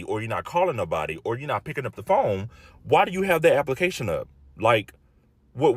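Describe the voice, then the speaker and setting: A man venting in a vlog, frustrated and pleading with employers. His pitch swings widely as he rants. The sound is close and dry. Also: no room sound. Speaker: job seeker vlogger. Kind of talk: vlog rant.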